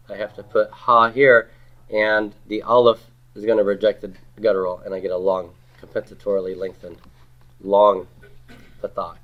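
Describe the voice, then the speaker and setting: A man teaching a grammar class, asking students questions, repeating their answers and leading them in saying words aloud. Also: lowish voice. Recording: slightly dull lo-fi classroom recording.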